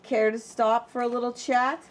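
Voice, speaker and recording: A woman voicing a greedy, smooth-talking male wolf in a storybook reading, with sugary fake-polite sweetness. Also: on the high side, little pitch movement, normal speed, natural voice. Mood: charming.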